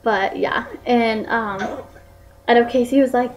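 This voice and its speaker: A woman's voice: fairly high pitch, unhurried, a little mellow, low-quality recording. Chatty young woman vlogger. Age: young adult. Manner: rambling, many fillers like "like" and "um". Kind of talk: casual chat to camera.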